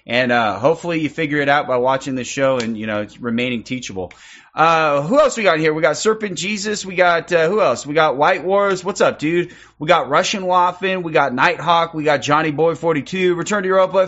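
A man hosting a livestream in loose, casual chat, reeling off quick shout-outs and swearing freely. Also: fairly high pitch, highs cut off. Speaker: livestream host.

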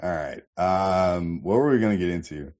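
A man's voice: deep voice, expressive, moderate pace, darkish tone, highs cut off. A man hosting a casual livestream, reading chat and rambling with lots of swearing and fillers. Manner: rambling, profane, many fillers.

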